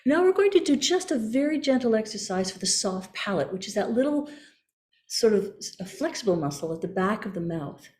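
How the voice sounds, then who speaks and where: A woman voice coach leading a workshop over a video call, giving calm, gentle cues. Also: medium pitch, brisk, reverberant, a little hiss or hum. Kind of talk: guided workshop instruction.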